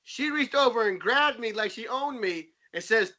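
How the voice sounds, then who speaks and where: A man in casual chat, telling lively stories and acting out what others said. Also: high voice, moderate pace. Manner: animated storyteller, acts out quotes.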